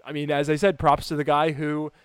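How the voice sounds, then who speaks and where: Young man, American, podcast co-host, rambling casual chat, smooth clear voice, dry close sound. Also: fairly high pitch, monotone, a little fast, dry recording. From United States. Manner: rambling, laughs often, many restarts.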